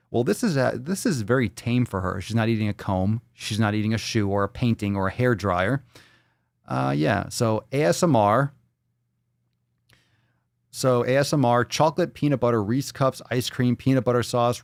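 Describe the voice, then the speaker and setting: A man's voice: mid-range voice, gravelly, no room sound, clean studio sound. A man hosting a fitness show, reacting bluntly and crudely to a clip in profane live-stream commentary.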